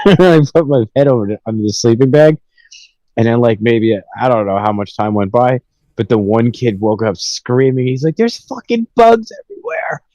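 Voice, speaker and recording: A man's voice: mid-range voice, normal speed, dark tone, no echo, dull audio. A young man telling rambling, profanity-filled stories with laughs in a casual podcast chat. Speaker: podcast host.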